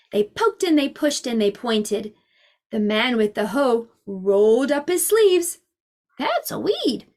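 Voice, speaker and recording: A woman preschool teacher reading a storybook aloud to young children in an expressive, sing-song way. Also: a little high.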